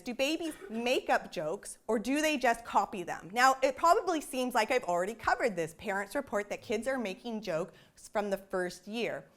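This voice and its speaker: A woman with a fairly high voice gives a public science talk about her research. She explains things conversationally and often drops in "you know" asides, like a researcher chatting with an audience. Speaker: developmental psychologist giving a talk.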